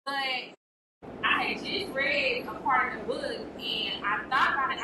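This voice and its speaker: A woman's voice: high voice, measured pace, distant mic. A woman sharing a candid personal reflection in a chatty way, often saying "you know". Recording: echoey room, off-mic, noisy.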